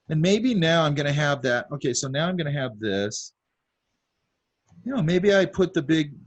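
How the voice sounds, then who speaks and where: An art instructor talks casually while sketching during a drawing class, filling his speech with fillers and asides. His voice sits a little high and slightly rough, and the recording sounds lo-fi.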